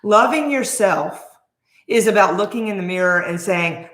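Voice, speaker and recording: A woman in her forties talks straight to camera as a life coach, lively and emphatic, throwing out rhetorical questions. Her voice sits at a middling pitch, and the recording carries a roomy echo. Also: moderate pace. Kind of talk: motivational talk to camera.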